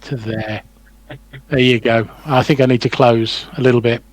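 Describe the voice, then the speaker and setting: A man's voice: mid-range voice, steady tone, normal speed, no room sound, low-quality recording. A man playing a tabletop game, describing his character's actions in a wry, rambling way. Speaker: player.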